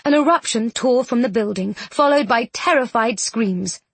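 A woman narrating a novel in an expressive, dramatic audiobook reading. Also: a little high, normal speed, breathy edge, no room sound.

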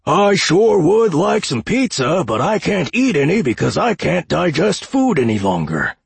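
A male audiobook narrator playing a shapeshifting girl who mimics a dead man, joking slowly in a deadpan way. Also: on the high side, creaky, slightly rough, dry recording, voice pushed up, exaggerated voice.

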